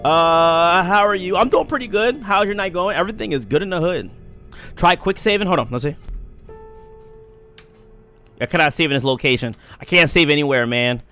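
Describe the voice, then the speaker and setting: With faint music in the background, a young man streams a game, his fairly high voice animated, pushed and bright at a normal pace with frequent pauses. He's hyped and casual, calling out chat members by name and reacting in jumpy bursts.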